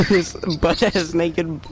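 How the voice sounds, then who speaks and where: A man's voice: fairly high pitch, fairly even intonation, drawn-out words, over music. A young man rambling through a made-up story in casual late-night chat, swearing and laughing a lot. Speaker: friend telling a made-up story.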